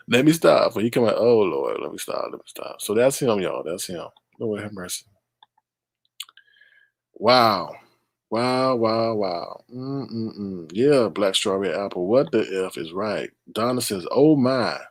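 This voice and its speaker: Lively middle-aged man reading news. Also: on the low side, a little slow, no room sound, studio quality. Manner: animated, exclaiming and laughing at the story; reads news aloud and talks to the chat. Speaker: live-stream host. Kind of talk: live-stream news commentary.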